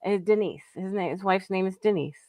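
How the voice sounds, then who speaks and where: A middle-aged woman co-hosting a show, telling stories in a giggly, chatty, excitable way. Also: medium pitch, a little fast, no room sound. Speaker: co-host. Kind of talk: casual storytelling chat.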